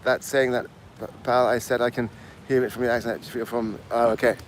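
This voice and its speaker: A man's voice: mid-range voice, level tone, brisk, a little hiss or hum. A man in his fifties with a mixed English accent, out of breath while walking uphill outdoors and chatting on a live stream. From England. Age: 50s. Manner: rambling, answers chat comments aloud. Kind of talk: casual live stream chat.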